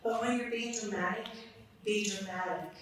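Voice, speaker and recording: Language teacher, woman, relaxed and laughing, distant mic in a reverberant hall. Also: medium pitch, moderate pace, noisy background. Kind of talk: live talk answering audience questions. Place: large hall. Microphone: distant room mic. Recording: echoey hall from far off.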